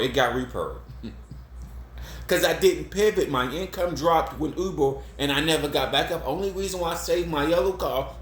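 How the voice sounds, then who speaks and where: A man's voice: on the high side, a bit bright, a little hiss or hum. A middle-aged man from Ohio giving blunt, repetitive, swearing advice in a casual monologue, laughing at himself. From Columbus, Ohio. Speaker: vlogger. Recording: echoey room.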